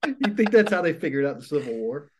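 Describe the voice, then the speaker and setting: A man's voice: fairly high pitch, sing-song, quick pace, noisy background. A man co-hosting a podcast, talking in a laid-back, joking way. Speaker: podcast co-host. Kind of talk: casual chat.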